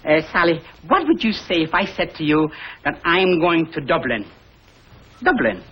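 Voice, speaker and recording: An actor playing a kindly, excitable older family man with an animated, chuckling delivery. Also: a little high, moderate pace, slightly rough. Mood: excited. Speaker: family father and uncle. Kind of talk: 1950s TV sitcom acting. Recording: dull lo-fi 1950s TV audio with faint hiss.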